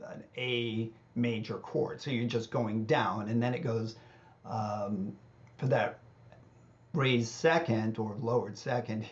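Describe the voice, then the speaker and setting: A man's voice: mid-range voice, highs cut off. A man teaching a hymn in a casual, self-deprecating way with false starts, now and then singing lines in a wobbly voice. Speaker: music teacher. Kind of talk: casual teaching with sung examples. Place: home music studio. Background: organ accompaniment.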